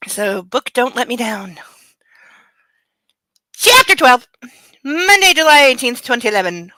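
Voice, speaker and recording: A woman's voice: a little high, very animated, measured pace, pushed and bright, dry recording, low-quality recording. A woman hosting a comedic book club at home, reading aloud and breaking off for casual, sarcastic asides.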